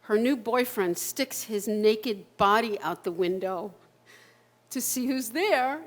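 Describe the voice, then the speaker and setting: Slow, intense older woman in stage monologue. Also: fairly high pitch. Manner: raw and emotional, halting repetitions and swearing. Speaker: solo stage performer. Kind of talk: autobiographical one-person stage monologue. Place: live performance at a community center.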